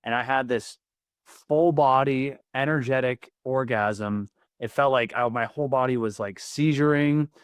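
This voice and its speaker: A man as a podcast guest, telling a personal story in an earnest, vivid and excitable way, often repeating words. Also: medium pitch, measured pace, clear, resonant tone, no room sound, studio quality.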